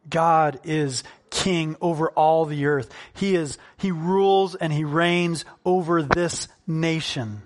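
A man preaching from the pulpit in a somewhat higher voice. He is earnest and conversational, and he slows down on the points he wants to land. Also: a bit bright. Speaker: pastor. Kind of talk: sermon.

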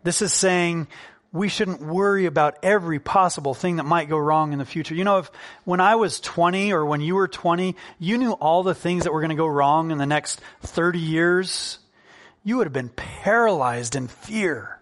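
A man preaching from the pulpit in a somewhat higher voice. He is earnest and conversational, and he slows down on the points he wants to land. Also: a bit bright. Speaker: pastor. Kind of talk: sermon.

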